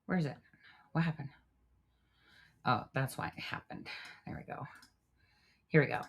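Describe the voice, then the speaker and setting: A woman's voice: extremely low pitch, moderate pace, gravelly, breathy edge, highs cut off. A woman hosting a livestream show in a casual, chatty way, often trailing off while she works her screen. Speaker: show host.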